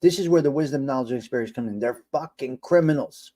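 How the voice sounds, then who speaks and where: Ungläubiger älterer Mann mit New Yorker Akzent. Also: male voice, animated, brisk, few pauses, a little mellow. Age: older. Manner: exasperated, incredulous rants that jump high in pitch. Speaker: livestream host. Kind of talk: casual live-stream talk.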